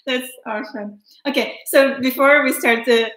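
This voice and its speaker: A woman from Russia hosting a casual live-stream chat, excitable and teasing, laughing often. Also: sits high, a little slow, roomy sound, low-quality recording. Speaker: host.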